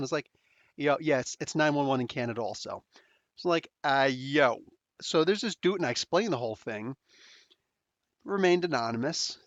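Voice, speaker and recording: Lively, rambling New Jersey man. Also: on the high side, no room sound, highs cut off. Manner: rambling, many fillers and restarts, slangy. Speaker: podcast host. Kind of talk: casual storytelling.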